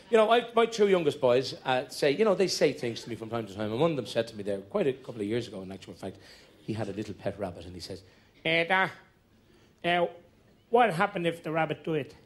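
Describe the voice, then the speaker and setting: A middle-aged Irish stand-up comedian tells long comic stories live on stage, chatty and conspiratorial, building jokes through repetition. His voice is fairly high, animated and quick.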